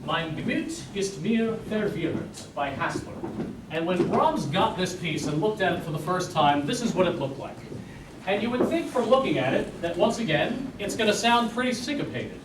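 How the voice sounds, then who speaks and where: A man's voice: sits high, sing-song, moderate pace. A man giving a lecture recital, explaining music to an audience and counting beats aloud. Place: recital hall. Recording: echoey hall from far off, noisy.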